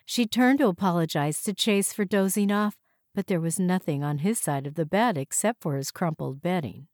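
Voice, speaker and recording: Low-voiced woman narrating an audiobook. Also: moderate pace, darkish tone, no echo, clean studio sound.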